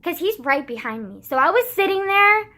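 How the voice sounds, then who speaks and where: A woman's voice: extremely high pitch, big pitch swings, normal speed, pushed and bright. A teenage girl vlogging in casual chat, filling her talk with "like", sighing often and swearing bluntly. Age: teens. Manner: heavy use of "like" as filler, frequent sighs, blunt swearing.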